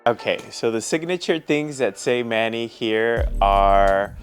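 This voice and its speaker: A man's voice: medium pitch, expressive, a little slow, soft background music. A man who owns a flower shop, chatting in an interview in a heartfelt, effusive way, full of "you know" and "like". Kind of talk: casual interview chat.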